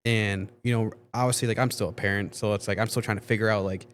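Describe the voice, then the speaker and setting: A man's voice: on the low side, steady tone, fast talker, slight background noise. A man talking as a guest on a podcast, rambling casually with lots of fillers and frequent swearing. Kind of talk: casual conversation.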